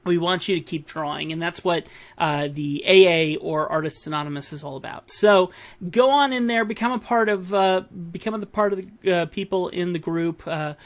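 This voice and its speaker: Male art-channel host, high voice, casual rambling delivery full of fillers. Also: a bit bright. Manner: friendly, rambling, many fillers and restarts. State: hiccups. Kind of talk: casual tutorial wrap-up.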